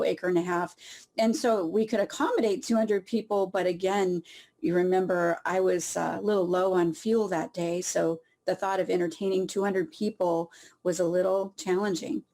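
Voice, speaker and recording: A woman sharing a personal story in an emotional, heartfelt way, pausing often and laughing softly through tears. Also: mid-range voice, gravelly. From Southern California.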